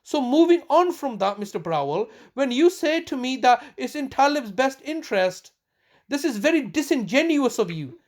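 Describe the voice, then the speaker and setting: A woman with a high voice presses an official on a recorded phone call. She sounds agitated and accusatory, hammering her points home with repeated words and restarts. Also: big pitch swings, normal speed, darkish tone. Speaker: family member confronting a council official.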